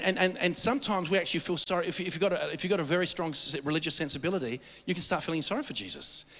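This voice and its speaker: A man's voice: high-pitched, sharp tone. A man preaching a sermon emphatically, often repeating words as he searches for the next phrase. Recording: long hall reverb.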